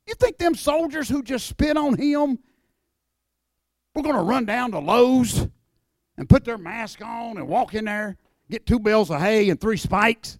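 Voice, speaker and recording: An older man, a former wrestler speaking in a church, emphatic and folksy, dropping to a hushed voice in prayer. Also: extremely high pitch, animated, a little slow, dry recording, clean studio sound. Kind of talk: evangelistic church talk.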